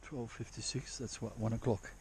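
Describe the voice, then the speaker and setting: A man's voice: mid-range voice, fairly even intonation, moderate pace, background noise. A man vlogging outdoors while prospecting for gold in drizzle, rambling casually with lots of swearing and restarts. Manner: rambling, profane, self-interrupting. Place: outdoors at a dig site in drizzle.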